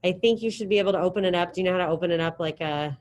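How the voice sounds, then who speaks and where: A middle-aged woman teaching a high school Spanish class, leading drills in a chatty, encouraging way. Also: very fast, darkish tone, poor audio. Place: classroom with students present and online.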